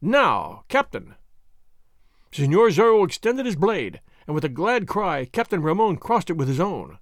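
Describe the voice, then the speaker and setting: A man narrating a classic adventure novel in expressive, scripted storytelling style. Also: high-pitched, moderate pace, no room sound, studio quality. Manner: expressive storytelling, varied characters. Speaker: audiobook narrator.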